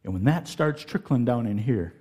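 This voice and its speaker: A middle-aged man preaching a sermon in a folksy, animated storytelling way, laughing and putting on voices. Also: medium pitch, moderate pace, husky. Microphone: handheld mic.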